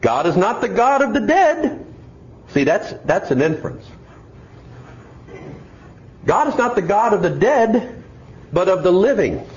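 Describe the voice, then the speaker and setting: A man's voice: sits high, big pitch swings, unhurried, long pauses, a little mellow. A man preaching a sermon, putting mock questions to himself and answering them. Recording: echoey, dull lo-fi room recording.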